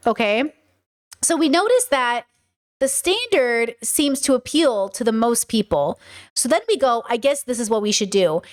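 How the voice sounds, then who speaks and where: Casting: woman, high voice, blunt casual commentary host, swears, acts out dialogue.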